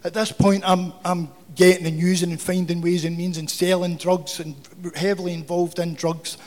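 In a hall with long reverb, a recovery speaker tells a meeting a humorous, confessional story, swearing as he goes. His voice is high-pitched and darkish in tone, with level intonation and a moderate pace.

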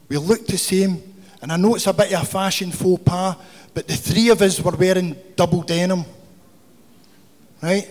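A man's voice: high-pitched, steady tone, unhurried, pauses often, a little mellow. A man telling a humorous, profane recovery story to a meeting. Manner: swearing, humorous, confessional. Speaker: recovery speaker. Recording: hall with long reverb.

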